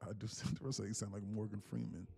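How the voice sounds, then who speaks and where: A man's voice: fairly low pitch, fairly even intonation, brisk, creaky, mellow, husky, soft background music. A man hosting a trading livestream, joking with chat in a playful, slangy way.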